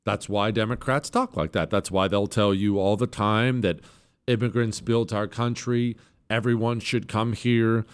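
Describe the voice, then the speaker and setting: A man's voice: on the low side, steady tone, a little slow, smooth. A man hosting a political talk radio show, delivering an emphatic, sarcastic monologue. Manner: emphatic, sarcastic, mocks opponents with put-on voices.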